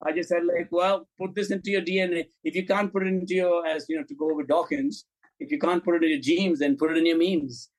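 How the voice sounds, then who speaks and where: A man, a film and commercial director, telling anecdotes in an interview, animated and blunt, acting out dialogue and swearing now and then. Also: on the high side, fast talker, rough recording. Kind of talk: interview storytelling.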